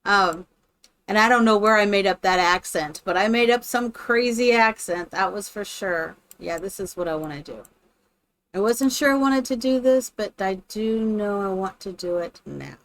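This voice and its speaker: Female streamer, mid-pitched voice, casual running commentary while building in a game, thinks aloud and greets viewers by name. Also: moderate pace, a bit bright. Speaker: live streamer.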